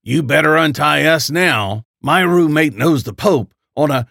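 A man's voice: fairly high pitch, a little slow, vocal fry, pushed and bright, no room sound, clean studio sound, full character voice. A man reading stubborn cocky Joseph. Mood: defiant.

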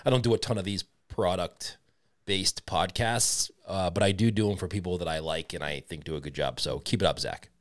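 A man with a Boston accent hosting a casual podcast interview, chatty and quick to laugh. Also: sits low. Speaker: podcast host.

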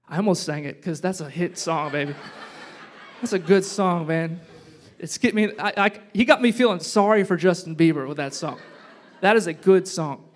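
A man with a notably high voice gives a relaxed, chatty sermon full of asides and jokes. He swings between loud, punchy lines and quiet, hushed reflection. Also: normal speed. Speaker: pastor. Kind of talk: casual sermon.

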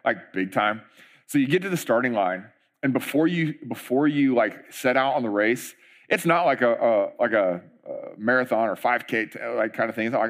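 A middle-aged man preaching a sermon as pastor, conversational and animated, with frequent asides. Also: mid-range voice, moderate pace.

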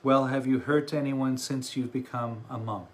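A man voicing the Buddha as a calm, wise male teacher in a spoken dharma story, speaking in a gentle, questioning way. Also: mid-range voice, normal speed, close to an everyday voice.

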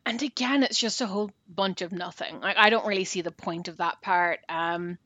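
A woman's voice: on the low side, normal speed, bright, forceful tone, dry recording. A woman co-hosting a casual book talk, retelling a story at length with fillers. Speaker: book podcast co-host.

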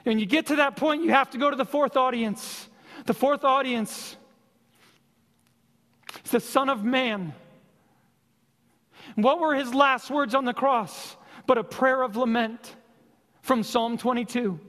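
A man preaching a sermon as pastor, with impassioned, repetitive exhortation and slow emphatic stresses. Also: very high voice, sharp tone, big-room sound.

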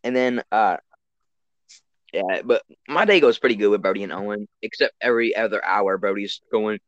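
A man's voice: on the low side, moderate pace, no room sound. Teen boy podcaster, casual rambling chatter, dry, slightly muffled recording. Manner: rambling, swears a lot, trails off and restarts. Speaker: podcast co-host. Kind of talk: casual chat.

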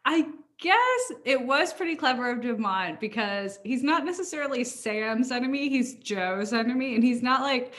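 A woman's voice: high voice, expressive, normal speed, hardly any pauses, fairly bright tone. A woman co-hosting a casual podcast, chatting about a TV show with lots of fillers and laughter. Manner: giggly, filler-heavy talk. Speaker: podcast co-host. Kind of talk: casual chat.

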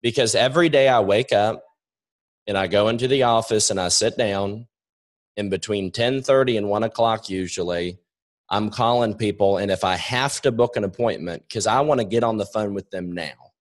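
A man's voice: on the low side, normal speed. A young man coaching a sales team on a webinar. He talks in a direct way, repeats his points and acts out both sides of phone calls. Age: young adult.

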